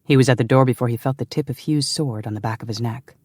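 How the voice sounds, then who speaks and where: A man narrating a historical romance audiobook in a measured, even storytelling manner. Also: medium pitch, husky, dry recording, studio quality. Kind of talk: scripted narration.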